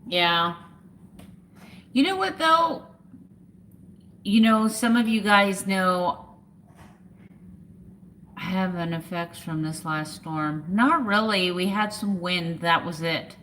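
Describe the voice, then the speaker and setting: A woman in her fifties chatting casually on a livestream, emotional and close to tears, talking haltingly with many fillers and trailing thoughts. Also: on the low side, steady tone, fairly bright tone, slight background noise. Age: 50s. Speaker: vlogger.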